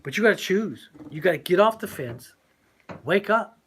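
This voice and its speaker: A man's voice: high voice, animated, normal speed, fairly bright tone, a little hiss or hum. An older man co-hosting a casual talk show, speaking in a preachy, emphatic way and laughing often. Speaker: co-host.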